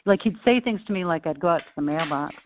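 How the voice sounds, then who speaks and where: Woman, interview guest, animated, playful, low voice, dull lo-fi recording. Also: fast, slight background noise. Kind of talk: casual interview conversation. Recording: dull lo-fi sound.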